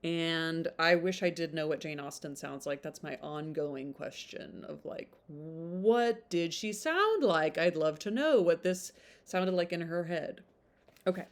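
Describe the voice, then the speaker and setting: A woman's voice: low-pitched, lively intonation, a little slow. A woman chatting casually as a book vlogger, rambling with lots of filler words and restarts. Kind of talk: casual chat about a novel.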